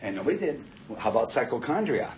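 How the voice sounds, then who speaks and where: A man's voice: mid-range voice, big pitch swings, fast, a crowd in the background. A man teaching a class, lecturing emphatically, repeating points and asking the students questions. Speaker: instructor. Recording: distant, echoey, dull classroom recording.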